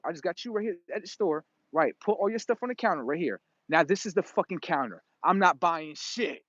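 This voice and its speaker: A man's voice: high voice, fairly bright tone, no room sound. A man in a profane, rambling, emphatic casual monologue. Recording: dull lo-fi recording.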